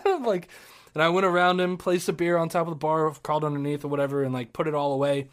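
Young guy with a higher voice telling a wild work story on a podcast, swears a lot, acts out yelling. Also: fast. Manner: animated, swearing, laughing, acts out his own shouts. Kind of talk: casual storytelling chat.

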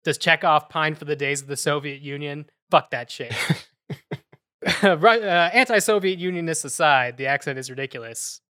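A man co-hosting a podcast in easy, casual chat, laughing often and thinking aloud with fillers. His voice sits slightly high and sounds smooth and resonant, recorded close and dry. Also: normal speed, pushed and bright, no room sound. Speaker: podcast co-host.

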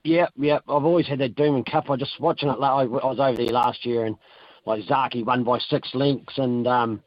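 A hoarse man, talking about his win over a dull, muffled phone line. He rambles in a relaxed way, halting often on fillers. His voice sits at a middling pitch and sounds dry and close. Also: no room sound. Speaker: racehorse trainer calling in. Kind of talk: casual phone interview.

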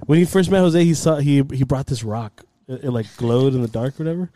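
A man's voice: medium pitch, fairly quick, warm tone, no echo. Laughing rambling podcast host, man. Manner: rambling storyteller, laughs often. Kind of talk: casual chat.

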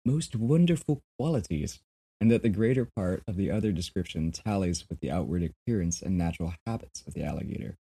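A man's voice: sits low, fast talker, vocal fry, few pauses, warm tone, breathy edge. A man co-hosting a podcast, reading from sources in a casual chat, laughing often and swearing now and then. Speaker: podcast co-host.

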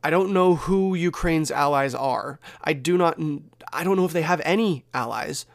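A man's voice: fairly high pitch, normal speed, vocal fry. A man from the United States giving an unscripted news update, talking it through conversationally with restarts and hedges. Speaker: commentator.

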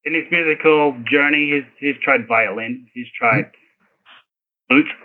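A man's voice: fairly high pitch, a little slow. A man speaking in an encouraging, emphatic way about trying new things. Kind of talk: personal storytelling. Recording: tinny phone-like audio.

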